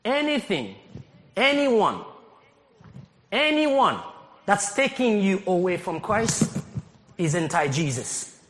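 A man from Haiti preaching a sermon as pastor, animated, laughing often and rising to shouts. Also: high-pitched, slow pace, long pauses. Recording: long hall reverb.

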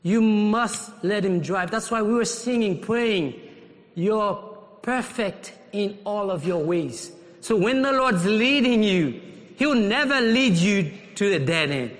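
A man from Haiti preaching a sermon, animated and acting out little dialogues as he talks. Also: high-pitched, unhurried. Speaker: pastor. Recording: long reverb of a large hall.

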